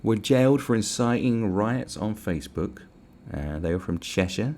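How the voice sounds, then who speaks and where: British male podcast host, low gravelly voice, swinging pitch, profane sarcastic rant. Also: lively intonation, moderate pace, a little mellow.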